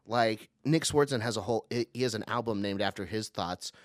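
A young man co-hosting a podcast, chatting loosely and laughing often through dark banter in a small studio. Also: lowish voice, moderate pace, dry recording. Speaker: podcast co-host. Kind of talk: casual chat.

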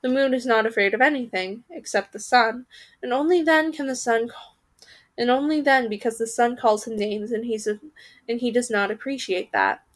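A woman with a slightly high voice reads a storybook aloud for her podcast. She keeps the telling lively and now and then trips over a word, corrects it and goes on. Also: normal speed. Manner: lively, occasionally stumbling and correcting herself. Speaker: podcast reader.

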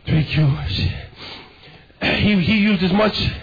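A man preaching a sermon, shouting with fervor and repeating hallelujahs. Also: high-pitched, slow pace, vocal fry, muffled recording.

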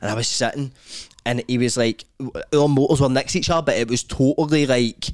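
A young man with a Glaswegian accent telling a funny story on a casual podcast, swearing freely and acting out other people's lines in quick voices. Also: medium pitch, no room sound, clean studio sound. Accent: Scottish, Glaswegian. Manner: animated, acts out other people's voices in quotes. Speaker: podcast host.

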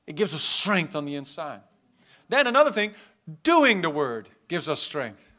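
A South African pastor preaches a charismatic sermon in a church hall, his fervent voice swinging from loud exhortation to quiet asides. He speaks on the high side in a sing-song way at a moderate pace.

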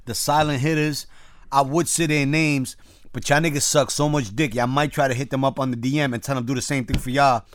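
A man hosting a casual show, ranting loudly with heavy slang and swearing. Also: mid-range voice, fairly quick, slight background noise. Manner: loud, animated, swearing, street slang. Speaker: host. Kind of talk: casual profane rant.

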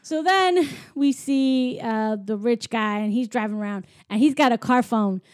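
Casting note: a woman podcast co-host, fairly high voice, rambling casual plot recap, dry close sound. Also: a little slow, dry recording. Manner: rambling, many fillers, laughs often. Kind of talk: casual chat recapping a movie.

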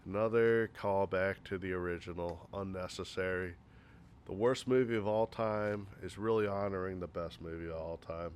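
A man's voice: low voice, steady tone, moderate pace, a little hiss or hum. Sarcastic, swearing man reviewing movies. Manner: sarcastic, profane, rambling. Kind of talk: casual spoken movie critique.

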